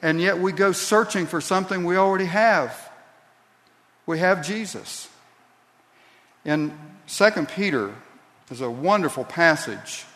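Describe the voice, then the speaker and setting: A man preaching a sermon as pastor, slow and deliberate, building to emphatic peaks. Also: high-pitched, animated, fairly bright tone. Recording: long reverb of a large hall.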